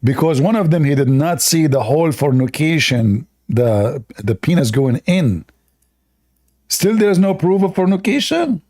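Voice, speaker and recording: Mocking host. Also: male voice, a little high, lively intonation, unhurried, a little mellow. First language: Arabic. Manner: mocking, sarcastic, repetitive. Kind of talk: polemical debate commentary.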